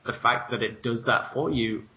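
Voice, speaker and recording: A medium-pitched man speaking at normal speed co-hosts a conversational business podcast, explaining ideas with enthusiasm, chatty energy, and light laughter. The audio sounds dull.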